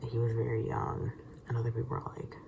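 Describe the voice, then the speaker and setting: Gravelly young man, rambling and stammering. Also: medium pitch, fast, poor audio. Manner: rambling, stammering restarts, drops into whispered asides. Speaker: vlogger. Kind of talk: casual rambling monologue. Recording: steady background noise.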